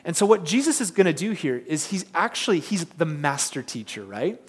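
A man preaching a sermon, telling a lively personal story and asking the crowd questions. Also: on the high side, moderate pace, slightly rough. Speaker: pastor.

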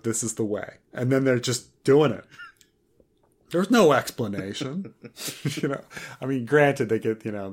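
A man's voice: on the low side, a little mellow. Rambling, sarcastic man reviewing a show. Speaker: podcast co-host. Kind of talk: casual review chat.

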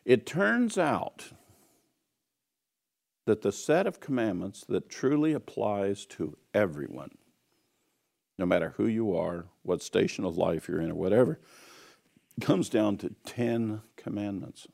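A man's voice: lowish voice, lively intonation, a little slow, gravelly, long pauses, darkish tone. A man giving an earnest teaching sermon on scripture, emphatic and repeating key phrases. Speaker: Bible teacher.

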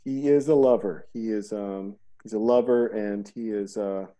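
A man's voice: lowish voice, steady tone, moderate pace, mellow, lo-fi sound. A middle-aged man hosting a podcast in casual chat, rambling and joking, acting out quotes and swearing freely. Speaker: podcast host.

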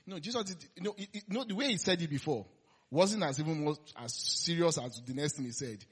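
A man preaching a conversational sermon, laughing often and swinging between loud emphasis and quiet asides. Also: fairly high pitch, animated, fast talker, slightly rough.

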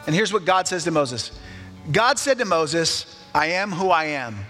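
A man's voice: a little high, lively intonation, a little slow, sharp tone. A man preaching a sermon with emphatic rhetorical questions to the congregation. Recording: echoey hall, faint music.

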